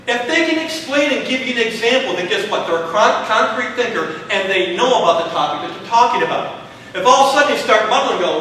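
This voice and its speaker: A man teaching a college class with a Texan accent, lively and questioning the students, acting out little exchanges as he goes. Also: sits high, slight background noise. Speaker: college instructor. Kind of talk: classroom lecture. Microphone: far room mic. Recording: echoey classroom from far off.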